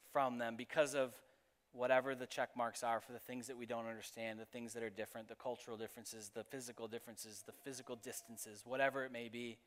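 A man's voice: medium pitch, pushed and bright, long reverb tail. A man giving a sermon as pastor, speaking in a conversational, personal storytelling manner.

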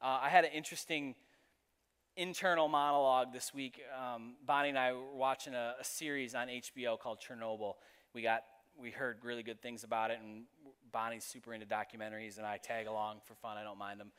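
A man's voice: medium pitch, little pitch movement, a little fast, fairly bright tone, smooth, in a large hall. A man giving a sermon as pastor, speaking in a conversational, personal storytelling manner.

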